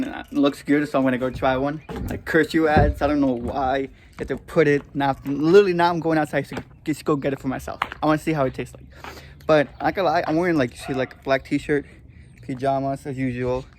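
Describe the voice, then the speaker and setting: A man's voice: medium pitch, darkish tone, slight background noise. A young man in a casual storytime vlog, rambling with lots of filler words, talking from a car. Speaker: vlogger.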